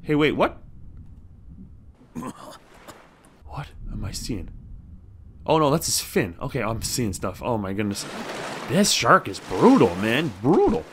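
Young male gamer, lively pitch, chatty self-talk, faint clicking behind. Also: takes it slowly, pauses often, slight background noise. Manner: animated, talks to himself and the game character. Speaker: gameplay commentator. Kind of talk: let's play commentary.

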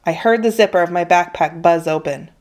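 A woman teacher reading a children's novel aloud with steady, expressive storytelling. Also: lowish voice, a little fast. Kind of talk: children's book read-aloud.

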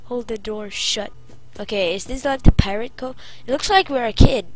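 With music in the background and poor audio, a woman with a slightly high voice talks at a normal speed while playing a horror game. Her let's-play commentary is jumpy, and she cries out at jump scares.

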